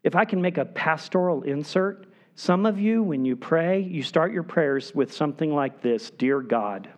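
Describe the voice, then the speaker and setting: A man preaching a sermon as a pastor, with emphatic delivery that falls to hushed, quiet stretches for emphasis. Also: fairly high pitch, normal speed.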